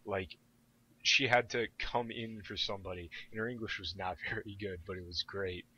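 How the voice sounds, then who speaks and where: A young man telling stories in casual podcast chat, self-deprecating and animated. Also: fairly low pitch, normal speed, lo-fi sound, a little hiss or hum. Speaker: podcast guest.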